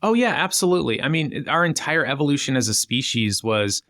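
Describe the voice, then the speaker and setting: A man's voice: a little fast, no echo, studio quality. A middle-aged man, a guest author on a podcast, talking casually and animatedly, his voice jumping up when he acts out quoted voices. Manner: animated, jumps up in pitch acting out quoted voices.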